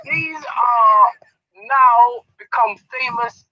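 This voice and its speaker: A man, a boxing trainer chatting in an interview, animated and often laughing as he tells a story. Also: very high voice, very slow, no echo, raised voice, dull audio. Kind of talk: casual interview chat.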